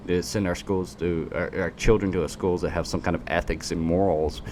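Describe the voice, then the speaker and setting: A man's voice: sits low, steady tone, fairly quick, darkish tone, a little hiss or hum. A man giving a ranting opinion commentary, emphatic and sarcastic, hammering at his points with repeated rhetorical questions. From United States. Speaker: political commentator.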